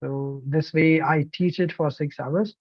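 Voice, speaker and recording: A man, a language-teaching trainer, presenting an online course in an animated, emphatic way with frequent fillers. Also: fairly high pitch, measured pace, no room sound, highs cut off. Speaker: TEFL trainer.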